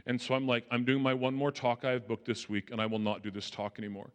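A man's voice: mid-range voice, fast. Man telling a story in an echoing hall. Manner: animated, self-deprecating, quotes people with shifting voices. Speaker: speaker. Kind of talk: storytelling talk to an audience.

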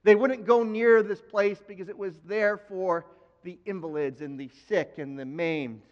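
High-voiced man preaching in a reverberant hall. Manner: animated, acts out Bible figures in quick asides. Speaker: pastor. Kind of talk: sermon. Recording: dull sound with long hall reverb.

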